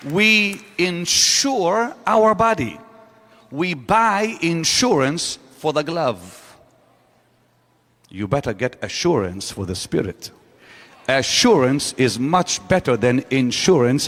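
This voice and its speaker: A man's voice: a little high, animated, slow, fairly bright tone, some chatter behind. A man preaching a sermon to a live audience in a large church auditorium, driving his point home with repeated rhetorical questions. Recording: long reverb of a large hall.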